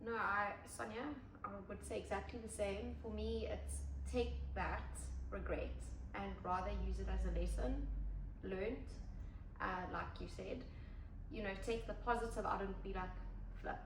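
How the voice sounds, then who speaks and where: A woman co-hosting a podcast in casual chat, brisk and upbeat with quick agreeing asides. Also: medium pitch. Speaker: podcast co-host. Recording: roomy, distant mic, faint noise.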